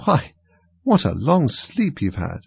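A man voicing a gentle, soothing older sister in a storybook reading. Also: medium pitch, huge pitch swings, slow pace, creaky, husky, pitched above the performer's own voice, full character voice. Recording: dull lo-fi recording.

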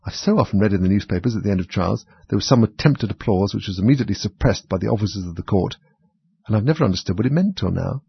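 A polite, curious young girl who speaks her mind plainly, as a man reads her. The voice stays low and husky, hardly changed from the narrator's. It is a dry, slightly dull storybook reading. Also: expressive, racing, dry recording, full character voice. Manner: meek at first, then plain-spoken.

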